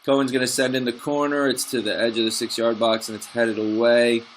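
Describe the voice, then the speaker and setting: Commentating on his own football management game, a young man alternates between excited play-by-play and frustrated asides. He speaks briskly at medium pitch, with a little hiss or hum in the recording.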